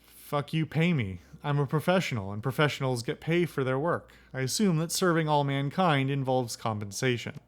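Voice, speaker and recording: A man's voice: medium pitch, lively intonation, moderate pace, voice pushed up, lightly acted. Man reading as a blunt, haggling female mercenary. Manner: blunt, demanding. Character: hard-bargaining female mercenary runner. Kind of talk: reading game dialogue aloud.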